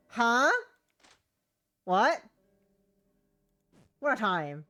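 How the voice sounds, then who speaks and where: A woman streamer commenting on a game she plays, muttering low and repeating herself in disbelief. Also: expressive, normal speed, fairly bright tone. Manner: low, mumbled, incredulous repeating. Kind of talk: casual gameplay commentary.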